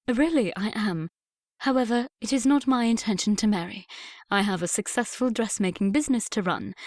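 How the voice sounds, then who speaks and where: A woman's voice: a little high, darkish tone, no room sound, natural voice. Woman reading a firm, outspoken young lady, dry close mic. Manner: firm, plain-spoken. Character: young English lady, frank and spirited dressmaker.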